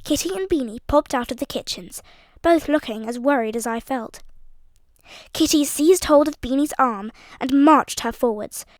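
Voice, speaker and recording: High-voiced woman narrating an audiobook. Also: normal speed, dry recording. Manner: expressive, voices each character. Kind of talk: storytelling narration.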